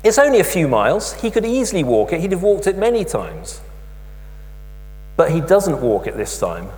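Guy preaching a sermon, slightly high voice, big long hall echo, bit of hum. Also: normal speed. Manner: animated storytelling with emphatic asides.

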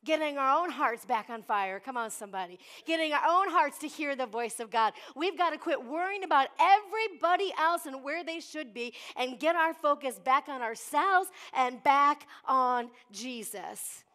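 A middle-aged woman preaching with a high voice. She speaks in the style of a pastor's sermon, tossing questions out to the congregation. She slips into the voices of the story's characters as she goes. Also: lively intonation, normal speed, few pauses, sharp tone. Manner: preachy call-and-response, acts out Bible voices.

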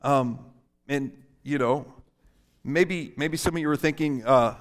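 A man's voice: mid-range voice, slow. A middle-aged male pastor preaching a sermon in a casual, humorous, conversational way in a church. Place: church hall. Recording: long hall reverb.

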